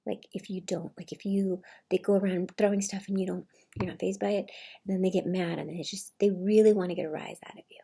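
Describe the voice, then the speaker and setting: A woman in a casual personal monologue who rambles, with many fillers and restarts, often slipping into a soft, breathy near-whisper. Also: medium pitch, steady tone, brisk. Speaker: vlogger.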